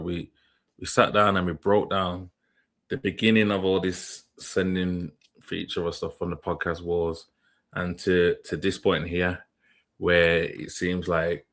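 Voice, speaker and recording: A man with a low, deep voice hosts a livestream. He reacts casually and thinks out loud, tossing questions to his audience. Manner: musing, asks questions aloud. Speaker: livestream host.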